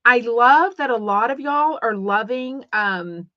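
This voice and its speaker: A woman's voice: a little high, lively intonation, slow, dry recording. A middle-aged woman from Texas with a Texan accent, hosting a rambling, casual livestream podcast with lots of fillers. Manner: chatty and rambling, many fillers and restarts. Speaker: podcast host. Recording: dull lo-fi dry sound.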